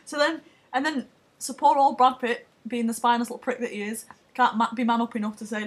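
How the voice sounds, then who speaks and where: Husky young woman, rambling. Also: fairly high pitch, steady tone, a little fast. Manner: rambling, sweary, giggly storytelling. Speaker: film student retelling a plot. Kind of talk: casual comedic chat.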